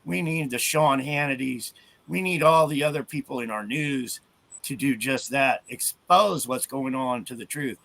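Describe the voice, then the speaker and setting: Earnest male guest in a casual video chat, bright voice, halting delivery with many restarts. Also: medium pitch, gravelly.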